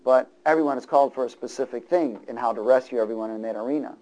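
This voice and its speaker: A middle-aged male preacher giving a sermon, swinging between loud, fervent passages and hushed, near-whispered lines. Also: medium pitch, fast talker, rough recording.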